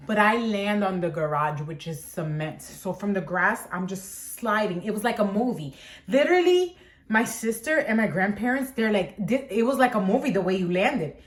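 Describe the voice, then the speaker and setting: A young woman vlogger telling a casual storytime tale, animated and dramatic, peppered with "like". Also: mid-range voice. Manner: animated, dramatic, heavy use of "like". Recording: roomy echoing room.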